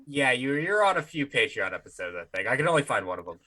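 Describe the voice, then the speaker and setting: A man with a bright, forceful voice co-hosts a casual comedy podcast. He keeps things laid-back and slips in dry wisecracks. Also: mid-range voice, big pitch swings, quick pace. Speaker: podcast co-host.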